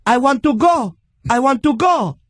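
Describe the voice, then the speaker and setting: A shrill, curt little old lady elbows her way through the story, barking short demands as a man puts her on. Her voice sits high above his own and lands in a dry, close studio sound. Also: animated, fairly quick, gravelly, no echo. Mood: insistent. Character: pushy short older woman on a packed train.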